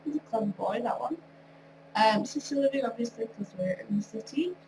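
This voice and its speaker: A woman with a fairly high, nasal voice, still getting over a cold and a bit tired, chats and rambles through her gameplay commentary with easy laughs. She sits well back from the microphone, and a steady electrical hum runs clearly under everything. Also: fairly quick. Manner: rambling, chatty, laughs often. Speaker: video creator. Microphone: wrong mic, far from speaker. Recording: distant mic with clear hum.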